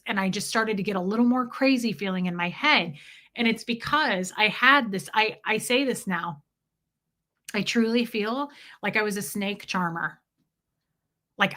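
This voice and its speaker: A woman's voice: mid-range voice, sharp tone. A woman hosting a livestream, telling personal stories bluntly and reading viewer comments aloud. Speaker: livestream host. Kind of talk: casual livestream storytelling.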